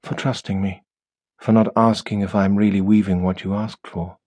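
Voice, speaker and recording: A man narrating an audiobook, voicing a calm, tender female robot wife who murmurs softly. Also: on the low side, normal speed, breathy edge, dry recording. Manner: soft, murmuring. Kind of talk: audiobook character voice.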